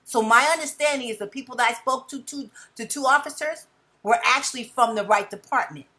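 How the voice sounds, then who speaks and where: A woman's voice: on the high side, fairly quick, bright, forceful tone. A woman on a heated phone call reporting a crime, insistent, stammering and repeating words as she presses her point. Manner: insistent, repeats words, keeps saying sir.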